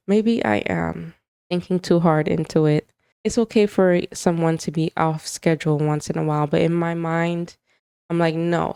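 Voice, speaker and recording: A woman's voice: on the low side, dark tone, clear, resonant tone, dry recording, clean studio sound. A young adult woman hosting a podcast, talking in a candid, confiding monologue to other mothers and sometimes getting emotional. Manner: confiding, emotional, talks straight to moms. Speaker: podcast host.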